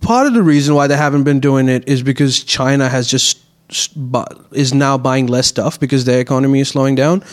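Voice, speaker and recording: A man's voice: mid-range voice, brisk. A man on a comedy podcast, explaining things at length in casual chat with frequent restarts and fillers. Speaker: podcast co-host.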